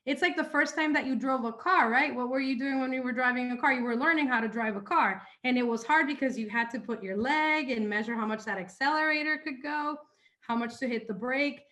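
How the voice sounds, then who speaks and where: A woman's voice: high voice, brisk, pushed and bright. A woman presenter on a video call, eagerly explaining a concept and repeating words as she goes. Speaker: presenter, psychology trainer. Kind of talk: explanatory lecture.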